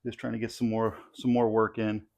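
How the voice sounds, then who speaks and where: Speaking a little fast in a lowish, creaky voice, this young strength athlete records his session in his home garage gym on a clip-on mic. He's relaxed and rambling, full of fillers, and tired and short of breath between sets.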